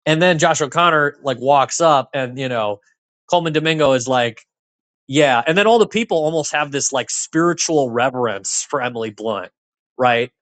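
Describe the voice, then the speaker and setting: A man's voice: mid-range voice, moderate pace, a bit bright, no room sound. A man co-hosting a podcast, chatting casually about a film, rambling with many fillers and restarts. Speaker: podcast co-host.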